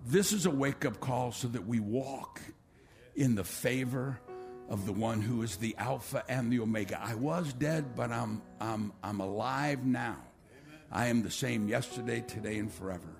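A male pastor preaches a sermon at normal speed in a creaky voice, with music in the background. He swings between loud, rising calls and quiet, low appeals, acts out quotes, and leads an altar call.

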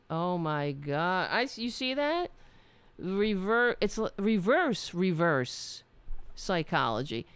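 Sarcastic woman commentator, animated pitch, dry recording, mocking and profane. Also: takes it slowly, clean tone, no room sound. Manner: sarcastic, mocking, swears freely. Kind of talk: commentary reading emails aloud.

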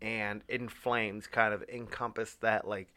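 A young man chatting on a podcast with a bright, forceful voice, recorded dry and close. He talks enthusiastically and swears freely. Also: fairly low pitch, level tone, a little slow, clean tone, no echo. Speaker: podcast co-host. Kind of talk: casual chat.

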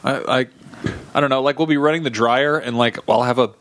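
A man's voice: medium pitch, brisk, fairly bright tone. A man co-hosting a podcast, telling loose, profane stories in casual banter. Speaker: podcast co-host.

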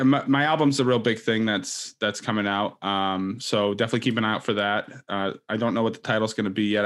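A young man with a low voice talks casually and loosely, rambling through his answers with lots of ums and restarts. He is heard over a video call. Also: a bit bright. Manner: loose, rambling with many fillers. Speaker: stand-up comedian. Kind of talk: casual interview chat.

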